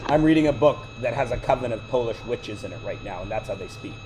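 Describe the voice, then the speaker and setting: A man's voice: medium pitch, animated, quick pace, noisy background. A man teaching math to a class, lecturing with chatty, joking side stories. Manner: chatty, digressive, joking asides.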